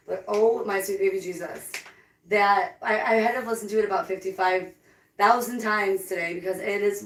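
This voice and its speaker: An excitable woman hosts a live ghost-hunting stream, her words tumbling and repeating as she gets carried away. She sits well back from the mic, and the basement around her rings with echo. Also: medium pitch. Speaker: paranormal investigator livestream host. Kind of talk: casual live-stream chat. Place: indoors, basement with a pool table. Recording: roomy, distant from the mic.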